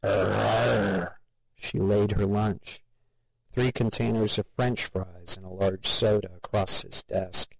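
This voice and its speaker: A man's voice: lowish voice, a little slow, no room sound, low-quality recording. A man narrating a story as an audiobook reader, voicing the characters himself. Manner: steady, gravelly, reads all the voices. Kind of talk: scripted narration.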